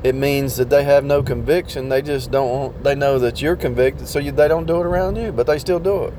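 A man's voice: medium pitch, fairly even intonation, fairly quick, warm tone, slight background noise. A man talking in a rambling casual monologue about faith, with many restarts and repeated phrases. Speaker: speaker sharing religious reflections.

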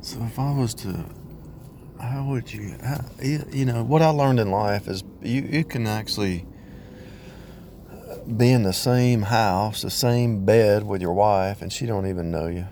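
A low-pitched man talks casually about faith, restarting his sentences and stacking repeated phrases in a preaching rhythm. He is outdoors near traffic, and car and street noise carry clearly behind him. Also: a little slow, warm tone. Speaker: married believer speaking on faith. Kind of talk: casual rambling monologue.

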